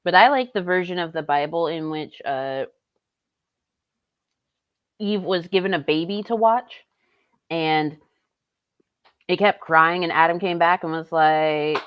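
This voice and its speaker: A woman's voice: sits low, normal speed, pauses often, clean tone, dry recording, highs cut off. A young woman streaming live, reacting in a blunt, profane and sarcastic way. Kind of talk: casual live-stream commentary.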